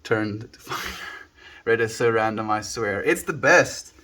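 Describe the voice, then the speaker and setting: A man's voice: on the low side, a little slow, bright, forceful tone, a little hiss or hum. A South African man from South Africa chatting casually on a livestream from home into a handheld phone, musing aloud and thanking viewers by name.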